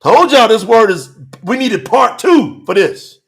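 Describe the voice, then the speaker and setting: A man preaching a sermon, reading scripture verses and commenting on them with emphatic rhetorical questions and bursts of shouting. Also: extremely high pitch, lively intonation, unhurried. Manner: breaks into shouting.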